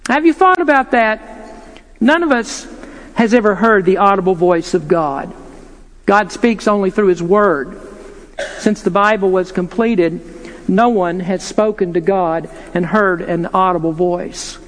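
A man's voice: high-pitched, a little slow, fairly bright tone. A man preaching an earnest, emphatic sermon, posing rhetorical questions to his listeners. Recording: long hall reverb.

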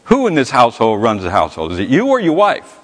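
A man's voice: mid-range voice, huge pitch swings, fast. A man voicing an eager young male Bible student who stammers earnestly, in a reverberant hall.

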